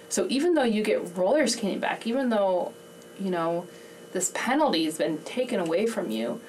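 A woman's voice: medium pitch, animated, normal speed, a little mellow. A woman co-hosting a faith conversation, talking candidly and openly about her emotions and laughing often. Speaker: podcast co-host and homeschooling mother. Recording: distant mic, faint background noise.

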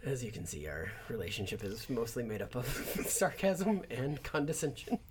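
A man's voice: mid-range voice, big pitch swings, moderate pace, background noise. A young man hosting a casual podcast chat with his brothers, laughing often and restarting his sentences. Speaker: podcast host.

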